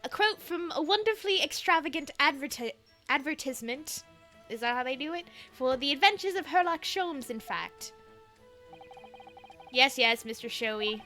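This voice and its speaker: A woman's voice: sits high, expressive, moderate pace, sharp tone, faint music behind. A woman voicing an eccentric, self-admiring British male detective with a put-on British accent while playing a video game. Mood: grand. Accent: mock British.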